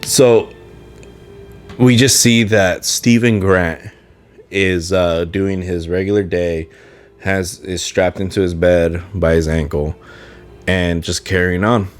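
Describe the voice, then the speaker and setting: A man with a very low voice talks through a show on his podcast. He speaks casually and rambles, often stopping to search for the right word. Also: steady tone, slow pace. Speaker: podcast host. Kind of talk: casual solo review chat.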